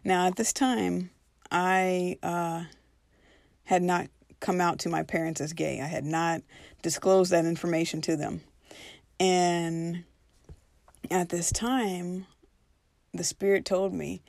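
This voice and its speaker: A woman's voice: on the low side, fairly even intonation, takes it slowly, gravelly, pauses often, a little mellow, no room sound, clean studio sound. A woman telling a personal spiritual story in an earnest, reflective way, now and then acting out her own past reactions.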